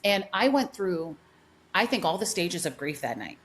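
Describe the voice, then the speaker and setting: A woman's voice: fairly low pitch, sing-song, normal speed. A middle-aged woman, a hairdresser and educator, telling stories emphatically in a podcast conversation, with many restarts and repeats.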